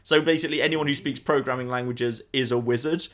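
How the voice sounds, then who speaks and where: A man's voice: mid-range voice, fairly even intonation, quick pace, fairly bright tone. A man co-hosting a podcast in casual chat, explaining eagerly with lots of ums and restarts. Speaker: podcast co-host.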